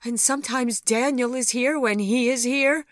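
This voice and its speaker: A woman voicing a frantic grown daughter who shrieks and panics in a high, loud voice in a storybook reading. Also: normal speed, no echo, clean studio sound, close to an everyday voice. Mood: fearful.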